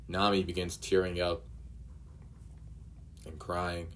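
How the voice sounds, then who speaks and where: Slow low-voiced man reading a comic aloud. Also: little pitch movement, a bit bright. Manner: halting, with emotional asides. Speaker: streamer.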